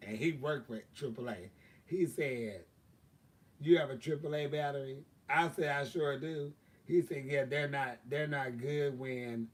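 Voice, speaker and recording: A man's voice: mid-range voice, fairly bright tone, recorded from a distance. A man telling a long story on his own live stream, casual and profane, with lots of fillers. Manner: profane, drawling, chatty with many fillers. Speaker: livestream host.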